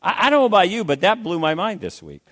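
A man's voice: high voice, huge pitch swings, fast talker, fairly bright tone. An older man preaching a sermon as pastor, emphatic, repeating phrases and calling for amens.

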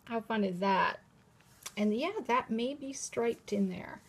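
At home at a table, a chatty woman hosts a casual live stream presenting new planners, speaking toward a camera propped in a holder. Her slow, slightly high voice has a breathy edge as she gushes over each item and keeps asking "how cute is that."

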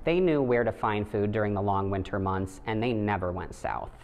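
A man reading a children's picture book aloud in a gentle, steady storytelling manner, putting light voices on the animals. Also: fairly low pitch, normal speed. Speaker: storybook reader. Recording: long hall reverb.

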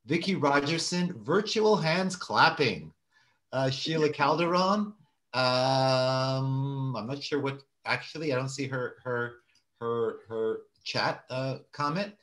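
A man's voice: medium pitch, a bit bright. A man hosting a club meeting over a video call, reading out audience comments in a friendly, hesitant way with many fillers. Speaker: meeting host.

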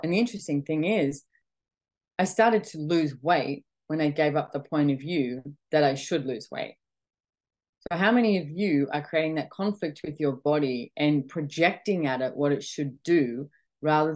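A middle-aged woman from Australia hosting a podcast, giving a motivational talk to an audience in a chatty, animated way full of quoted self-talk. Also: sits low, moderate pace. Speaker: podcast host.

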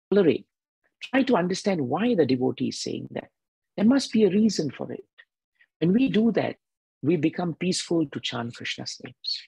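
Husky male preacher, emphatic, repeats key points, dry close sound. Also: sits high, big pitch swings, moderate pace, darkish tone, dry recording, rough recording. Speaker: devotional speaker. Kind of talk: sermon.

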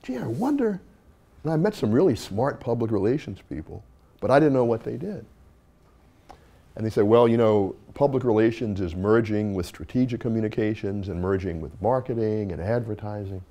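A man's voice: lowish voice, fairly quick, dark tone. A man, a university dean, giving an informal classroom talk, telling stories with asides and self-corrections.

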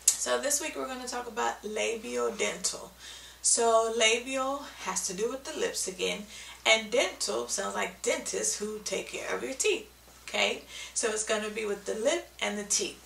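A woman's voice: on the high side, moderate pace, vocal fry, a bit bright, roomy sound, distant mic, a little hiss or hum, rough recording. A woman giving a patient, step-by-step video lesson on speech sounds, often checking in with "okay?". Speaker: speech therapy teacher.

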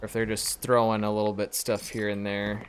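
A man's voice: on the low side, level tone, fairly quick, soft background music. A man giving casual, musing commentary while playing a game, with a laid-back manner. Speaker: gamer.

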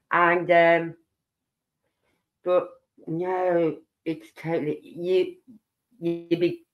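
An older live-stream host chats casually and at length. The talk wanders from topic to topic and keeps turning back to the audience. The voice sits at an ordinary middle pitch. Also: fairly bright tone. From Birmingham, England. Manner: rambling, chatty, talks straight to viewers. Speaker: livestream host.

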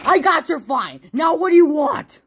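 Hot-tempered male plumber, voiced by a woman, fairly high voice, mutters then erupts into yelling, homemade plush toy comedy. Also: expressive, normal speed, no echo. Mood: angry. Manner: exasperated, yelling outbursts, mutters to himself.

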